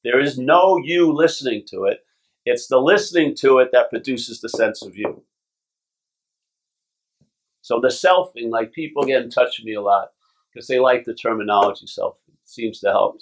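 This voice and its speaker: A man's voice: mid-range voice, normal speed. A man from Long Island, a spiritual teacher giving a casual, blunt talk to a retreat group, swearing now and then and often checking with "yeah?". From Long Island, New York. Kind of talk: talk to a retreat group, reading passages aloud. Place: retreat gathering.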